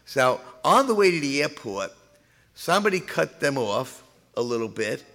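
A man's voice: mid-range voice, sing-song, normal speed, pushed and bright. An older man, a pastor, telling a humorous story in a sermon, chatty and full of asides. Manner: chatty, humorous, acts out voices.

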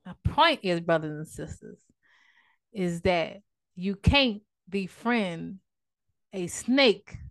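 A woman preacher delivering a sermon, emphatic at times and dropping to a hush for storytelling. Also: on the low side.

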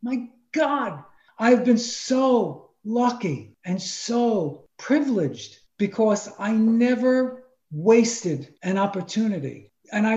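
A man from Brooklyn, a podcast guest telling animated personal stories in an emphatic, exclamatory way. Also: high-pitched. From Brooklyn, New York. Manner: emphatic, exclamatory, spells out names. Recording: roomy, dull sound.

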